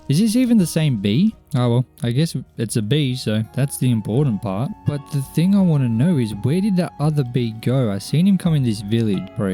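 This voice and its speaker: Gasping and pleading with the mobs, a young YouTuber narrates his Minecraft survival game in a mid-range voice. He's animated and keeps talking to his viewers, with faint music running behind the gameplay commentary.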